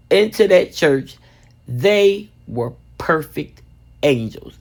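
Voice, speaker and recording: Woman, gravelly voice, chatty craft vlogger, lively storyteller. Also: low-pitched. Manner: lively, chatty, addresses viewers as "baby". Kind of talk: casual storytelling and craft tips.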